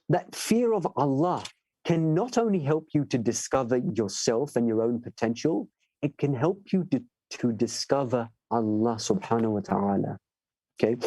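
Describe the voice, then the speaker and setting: A man giving a sermon, telling stories with animated delivery and asking listeners "right?" as he goes. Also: mid-range voice, no room sound, rough recording. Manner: animated storyteller, acts out voices in tales. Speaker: shaykh giving a majlis lecture. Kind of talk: sermon with storytelling.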